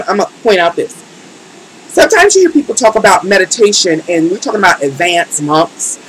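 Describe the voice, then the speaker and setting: A woman's voice: mid-range voice, a little hiss or hum, low-quality recording. A woman tarot reader in a casual live stream, speaking emphatically and colloquially and talking straight to her chat.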